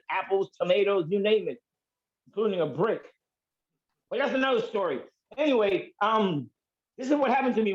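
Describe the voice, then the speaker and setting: A man telling a comic story while performing a card trick, in a chatty, rambling way with many asides, on a video call from a relative's house. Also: high-pitched. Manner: chatty, rambling, self-interrupting. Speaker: amateur magician. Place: niece's house, indoors. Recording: muffled video call audio.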